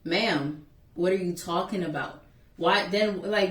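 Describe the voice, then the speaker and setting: A woman's voice: on the low side, slow, distant mic. Chatty young woman telling a story. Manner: chatty, animated storytelling with quoted dialogue. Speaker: vlogger. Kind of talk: casual storytime. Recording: echoey room, a bit off-mic.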